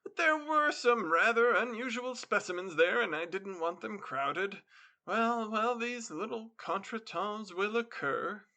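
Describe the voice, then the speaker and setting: Smooth sly devil guy, fake polite, gravelly but bright, man reading it. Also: sits high, animated, measured pace, voice pushed up, full character voice.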